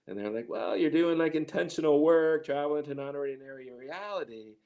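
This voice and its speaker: A man's voice: a little high, expressive, a little fast, hardly any pauses, dark tone. A middle-aged man telling a long personal story in an interview, rambling, restarting often and quoting others. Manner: rambling, with many restarts and quoted voices. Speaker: interview guest, cannabis grower. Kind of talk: casual storytelling.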